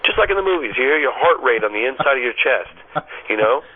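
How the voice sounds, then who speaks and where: A middle-aged man telling a story as an interview guest, animated, often stammering and repeating words. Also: mid-range voice, fast talker, husky. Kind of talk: casual storytelling. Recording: tinny phone line.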